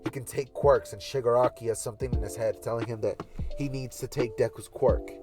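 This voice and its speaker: A man's voice: mid-range voice, fairly even intonation, a little fast, music in the background. A man casually narrating a hypothetical anime fight scenario, rambling with fillers. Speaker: YouTuber. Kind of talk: casual fan-fiction storytelling.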